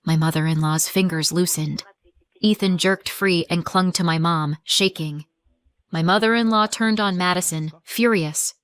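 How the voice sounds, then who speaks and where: A woman narrating a scripted first-person family drama story in a measured, dramatic way. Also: lowish voice, clean tone, no echo.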